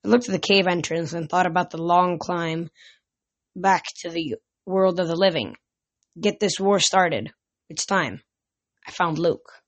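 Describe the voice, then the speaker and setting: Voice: medium pitch, measured pace, no echo. An amateur reader casually reading a novel aloud, often tripping over words and correcting them. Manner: stumbles and corrects words mid-sentence.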